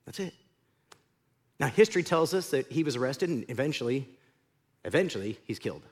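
A man preaching a sermon as pastor, in an animated, conversational storytelling way. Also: medium pitch, brisk.

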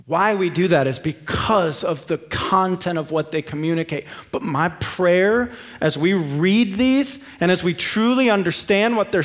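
A man in his thirties delivers a sermon in a church, his voice sitting notably high. He preaches with impassioned energy that climbs to fervent peaks. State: out of breath. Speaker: pastor. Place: church sanctuary.

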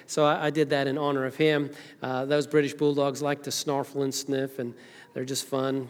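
A woman from Zimbabwe preaching a casual, chatty sermon as senior minister, with joking asides to the congregation. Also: deep voice. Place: church sanctuary. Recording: long hall reverb.

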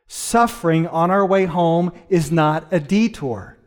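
A middle-aged male pastor delivering a sermon in an earnest way. His voice sits a little high for a man, and he slows right down to stress his key points. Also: a little mellow. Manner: earnest, varies pace, slows down for emphasis.

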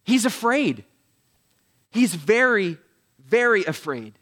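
A man's voice: high-pitched, sing-song, slow pace, fairly bright tone. A man preaching a sermon to a congregation, telling the story with humor, jokey asides and acted-out voices. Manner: humorous, self-deprecating asides. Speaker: pastor.

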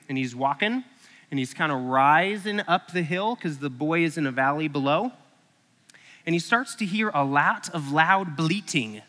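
A man with a slightly high voice preaches a sermon at an unhurried pace in an echoey hall. He animatedly acts out a story before moving into teaching.

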